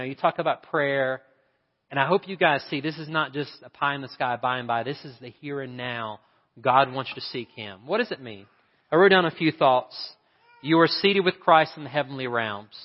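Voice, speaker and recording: A pastor delivers a sermon in a church sanctuary, his slightly high voice sounding dull and echoey in the hall. He preaches with mounting emphasis and poses rhetorical questions.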